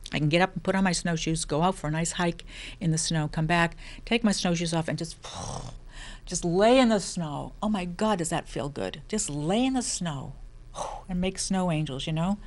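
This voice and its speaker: A middle-aged woman hosting a lifestyle talk, speaking casually with many restarts and playful asides. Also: sits low. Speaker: host of a lifestyle show. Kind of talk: casual spoken talk on self-help.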